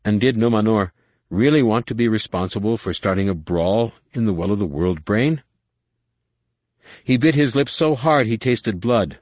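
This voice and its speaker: A man reading an audiobook in a measured, dramatic narration. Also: lowish voice, animated, darkish tone, no room sound, studio quality. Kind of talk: scripted narration.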